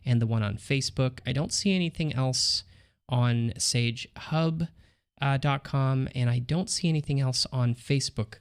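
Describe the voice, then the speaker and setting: A man co-hosting a live online Q&A, reading out viewer comments in a relaxed, chatty way. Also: mid-range voice, moderate pace, clear, resonant tone. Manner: relaxed, chatty, frequent ums and laughs. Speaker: co-host reading viewer questions.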